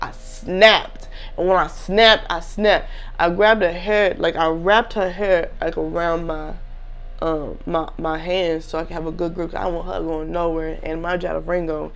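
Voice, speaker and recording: Young woman, gravelly voice, casual storytelling, candid, slangy, talks to viewers. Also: lowish voice, little pitch movement, moderate pace. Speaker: vlogger telling a personal story.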